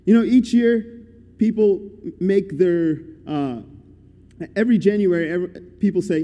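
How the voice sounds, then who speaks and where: A young man delivers a guest sermon in a friendly, conversational way, encouraging his listeners as he goes. His voice sits a little high yet sounds deeply mellow and soft-edged. The echo of a large church hall trails after his words. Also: normal speed. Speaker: guest preacher.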